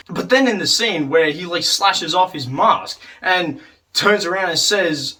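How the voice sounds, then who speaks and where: Rambling bright-voiced male reviewer. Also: fairly high pitch, lively intonation, moderate pace, far from the mic. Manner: rambling, heavy use of "like", swears, acts out quotes. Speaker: video reviewer. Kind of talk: casual spoken review.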